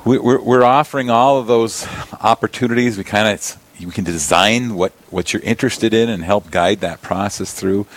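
A man's voice: on the low side, normal speed, hardly any pauses, dry recording. A man from South Dakota, a deacon, chatting casually in a radio studio interview, rambling with many restarts. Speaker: deacon and abbey representative. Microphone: studio mic with headphones.

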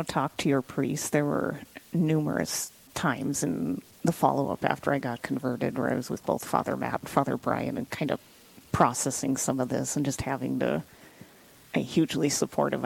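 A woman's voice: deep voice, creaky, a little mellow, breathy edge, low-quality recording. A woman guest telling her story in a casual interview, chatty and laughing often.

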